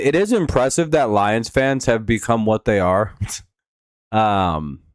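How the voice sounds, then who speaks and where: A man's voice: fairly low pitch, darkish tone, clean tone, dry recording, clean studio sound. A man hosting a casual live stream, talking in a rambling, profane way with lots of fillers and restarts.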